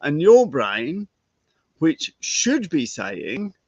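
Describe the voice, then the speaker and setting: A man's voice: a little high, wildly swooping pitch, extremely slow, no echo, muffled recording. A man teaching about horses in a chatty live-stream talk, often asking rhetorical questions. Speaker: horse trainer.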